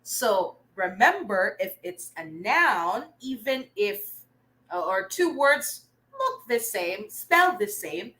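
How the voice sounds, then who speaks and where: A young Filipino woman teaching a live online reading lesson, warmly praising her viewers as they answer. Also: medium pitch. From Philippines. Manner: encouraging, lively, praising viewers often.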